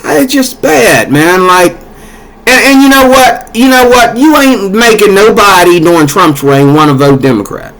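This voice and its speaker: Man, higher-pitched voice, fired-up rant straight to his audience, repeats lines for emphasis. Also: animated, a little slow, fairly bright tone, poor audio. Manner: heated, repetitive, talks to viewers directly. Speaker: commentator. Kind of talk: casual ranting commentary.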